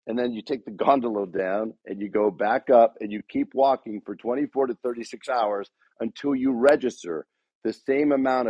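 A man's voice: medium pitch, husky, no echo, muffled recording. A man giving a motivational talk to a sales team, rousing the room with repeated rhetorical questions. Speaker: speaker addressing a dealership sales team.

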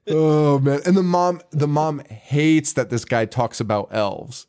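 A man's voice: fairly high pitch, slow pace, darkish tone, smooth. A man co-hosting a casual podcast, recapping a horror movie and laughing often as he quotes scenes. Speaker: podcast co-host.

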